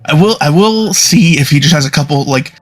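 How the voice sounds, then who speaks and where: A man's voice: on the high side, animated, a little fast, soft background music. A man playing a tabletop game, chatting casually and searching for words as he goes. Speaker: player.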